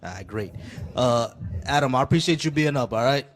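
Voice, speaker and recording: A man's voice: mid-range voice, lively intonation, brisk. A man hosting a live call-in debate stream, chatting casually with many fillers and restarts.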